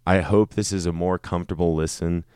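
Deep-voiced man rambling on his podcast. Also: steady tone, fairly quick, dark tone, clear, resonant tone, no echo, studio quality. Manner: rambling, profane, joking. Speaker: podcast host. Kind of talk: casual solo podcast.

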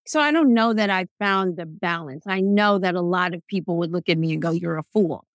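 A middle-aged woman speaking candidly in a casual interview, animated and quick to laugh, acting out the things she once said. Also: fairly low pitch, no room sound. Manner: candid, animated, laughs often, acts out quotes. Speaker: guest.

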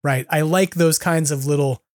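A man with a fairly high voice talks through a casual podcast chat, rambling along with plenty of fillers. He sounds animated, and his voice is recorded close and dry, with no room sound. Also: moderate pace, no room sound. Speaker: podcast co-host.

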